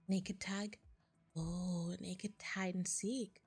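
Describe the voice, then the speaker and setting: A woman's voice: medium pitch, level tone, slow pace, vocal fry, a little mellow, slightly rough, faint music behind. A woman streaming a game, reading the dialogue aloud between chatty asides. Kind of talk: casual gameplay commentary.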